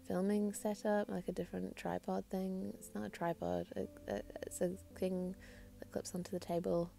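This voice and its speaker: A woman's voice: on the low side, creaky, dark tone. A woman whose accent drifts between New Zealand and English, talking through her nail art in a rambling, hesitant, self-deprecating voice-over. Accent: mix of New Zealand and English. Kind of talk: casual voice-over tutorial.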